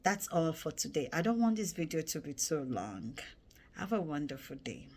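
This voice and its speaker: A woman speaking earnestly in a personal storytelling vlog, turning animated as she acts out memories. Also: deep voice, moderate pace, breathy edge. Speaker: vlogger.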